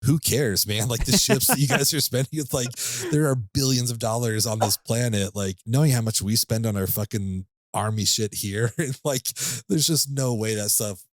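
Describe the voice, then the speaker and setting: A man's voice: mid-range voice, normal speed, few pauses, no room sound. A man on a podcast in casual chat about a film, blunt and joking, swearing offhandedly. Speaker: podcast co-host.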